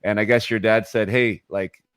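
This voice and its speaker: A low-pitched man hosting a casual interview, his questions winding and packed with fillers and restarts. The sound is dry and close, with no room around it. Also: steady tone, moderate pace, fairly bright tone, clean tone, no echo. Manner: rambling, hesitant questions full of fillers. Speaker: podcast host.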